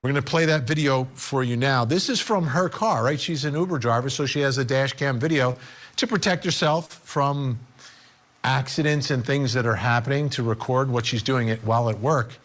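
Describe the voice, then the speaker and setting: A man's voice: mid-range voice, normal speed, fairly bright tone. Conversational male TV news host. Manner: conversational, emphatic storytelling. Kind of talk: broadcast news commentary.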